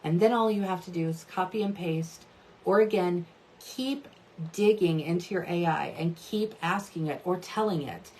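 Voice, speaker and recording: Chatty woman in her 30s doing a social media how-to, kinda low voice, keeps saying right and okay. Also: unhurried, a little mellow. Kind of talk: casual tutorial talk to camera.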